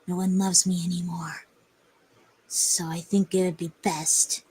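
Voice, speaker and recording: Woman acting out a crying teenage girl, slow, husky, hopeless. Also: lowish voice, level tone, mellow, voice pushed down. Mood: tearful despair. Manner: crying, pleading.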